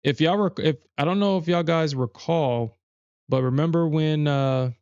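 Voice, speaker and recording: A man's voice: on the high side, moderate pace, darkish tone, smooth, no echo, highs cut off. A man hosting a trading livestream, chatting casually in a rambling way with many restarts and self-corrections. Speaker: livestream trader host.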